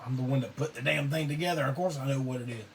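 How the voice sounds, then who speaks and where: A middle-aged man, hosting a live online show and telling stories casually, salty and quick to laugh. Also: medium pitch, creaky. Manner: laid-back Southern drawl, salty, laughs often. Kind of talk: casual storytelling to a live audience. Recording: distant mic with faint background noise.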